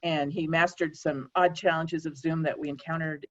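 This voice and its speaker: A woman thanking the organizers of a reunion on a video call, warm and grateful. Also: sits low, fairly even intonation, normal speed, no room sound. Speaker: reunion guest. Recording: dull dry video call audio.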